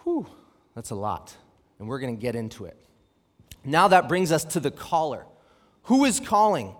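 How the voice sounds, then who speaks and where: A young man preaching a sermon, reading scripture and telling a personal story, with lively rhetorical questions. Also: fairly high pitch, moderate pace. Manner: animated, asks rhetorical questions, reads scripture aloud. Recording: long hall reverb.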